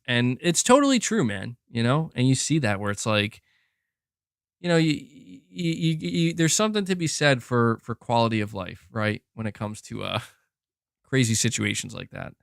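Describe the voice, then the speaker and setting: A man's voice: medium pitch, lively intonation, moderate pace, creaky, clean tone, no room sound, studio quality. A young man hosting a gaming podcast, casually rambling in reply to chat comments with many restarts and "bro". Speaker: podcast host reading chat.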